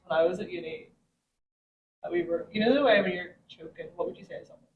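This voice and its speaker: A woman's voice: lowish voice, quick pace, phone-quality sound, a little hiss or hum. A woman with a Northern Irish accent animatedly telling funny stories in a casual group chat. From Northern Ireland. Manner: animated storyteller, laughs often. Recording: roomy with voices behind.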